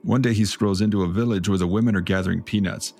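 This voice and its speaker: A man co-hosting a podcast, telling folk tales in a relaxed, jokey way with dramatic read-aloud narration. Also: fairly low pitch, quick pace, creaky, breathy edge. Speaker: podcast co-host. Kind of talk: casual storytelling chat.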